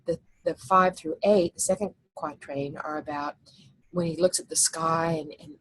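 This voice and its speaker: A woman's voice: sits low, a little hiss or hum, low-quality recording. A woman teaching a recorded lecture over slides, explaining step by step with frequent fillers and restarts.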